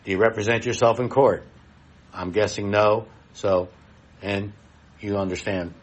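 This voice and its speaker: A middle-aged man with a lowish voice presents at a live expo. He talks in a blunt, folksy way and speaks directly to the people in the room. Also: steady tone, measured pace.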